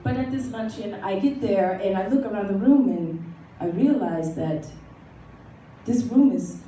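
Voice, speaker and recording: A woman's voice: mid-range voice, a little slow, mellow, a little hiss or hum, lightly acted. A woman comic playing a glamorous older star in a live stand-up act, telling her story in a dry, mock-haughty way. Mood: sardonic. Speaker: comic performing a historical figure. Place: small coffee bar, live show. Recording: roomy live room, mic from far.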